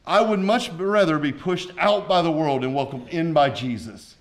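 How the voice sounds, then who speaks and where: A man's voice: a little high, normal speed. A man, a pastor preaching a sermon with folksy asides and rising intensity.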